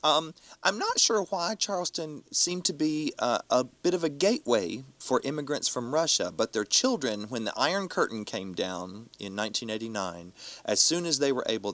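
Man, storyteller guest, casual interview, animated, bright voice, dry close sound. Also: on the low side, no room sound. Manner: animated, laughs often, acts out quotes.

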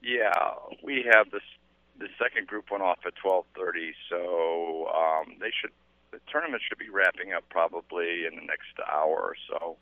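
A man's voice: low-pitched, moderate pace, dry recording. A man who organizes a golf tournament, interviewed live outdoors on the radio. He speaks in an enthusiastic, rambling way with lots of fillers. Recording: tinny phone-line audio.

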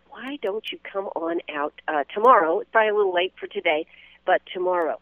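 A man with a fairly high voice for a man hosts a live on-site radio remote from a golf tournament, talking a little fast. He is chatty and promotional, leaning on filler words. The tinny, phone-line audio is very dry, with no room sound.

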